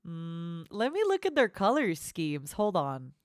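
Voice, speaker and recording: A woman's voice: fairly low pitch, wildly swooping pitch, a little slow, no echo, studio quality. A woman streamer hosting a watchalong in casual livestream chat, playful and affectionate, calling her viewers honey.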